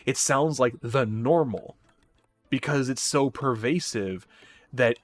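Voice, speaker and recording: A man's voice: mid-range voice, takes it slowly. A man from the Chicago area with a general Midwestern American accent, chatting in a rambling way while he streams a game and answers chat. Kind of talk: casual chat while gaming. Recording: faint music behind.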